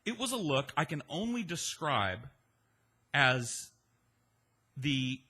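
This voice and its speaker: A man telling a comedic story in a casual, profane, animated monologue. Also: fairly high pitch, slow pace, husky.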